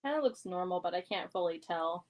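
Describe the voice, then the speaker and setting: A woman sitting in on a casual livestream, chiming in with short, dry, low-key reactions. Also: animated, brisk. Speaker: co-host beside the streamer.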